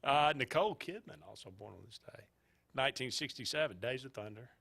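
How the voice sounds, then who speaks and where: Male radio host, relaxed and halting delivery. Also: mid-range voice, gravelly. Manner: hesitant, many filler uhs. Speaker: sports talk radio host. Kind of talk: casual radio chat.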